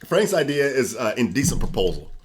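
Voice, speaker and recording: A man's voice: medium pitch, over a noisy crowd. A man co-hosting a podcast in casual chat, animatedly retelling a TV episode and acting out the lines. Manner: fast, animated retelling with quoted lines and laughs. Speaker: podcast co-host. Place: studio.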